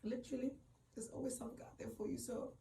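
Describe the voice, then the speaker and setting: A woman's voice: a little high, flat delivery, quick pace, mellow, slight background noise. Emotional woman telling her story. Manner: emotional, rambling retelling full of "like". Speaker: vlogger. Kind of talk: personal storytelling. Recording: roomy, distant mic, faint ambience.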